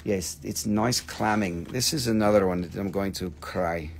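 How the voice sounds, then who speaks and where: Excitable man with a gravelly voice. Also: sits low, normal speed, a little hiss or hum. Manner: excitable, theatrical, swears often. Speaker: live-stream seller, host. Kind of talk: live sales stream.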